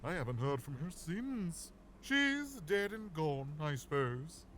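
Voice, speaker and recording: An actor playing a snobby, pompous young duke in a video game, with a haughty, drawling, theatrical manner. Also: male voice, on the high side, very animated, slow pace, a bit bright, slight background noise, full character voice. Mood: dismissive.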